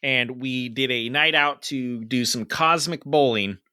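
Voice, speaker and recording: A man co-hosting a podcast, telling a story in casual chat, animated and swearing, getting loud when he quotes people. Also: medium pitch, unhurried, clean tone, no room sound, studio quality. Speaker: podcast co-host.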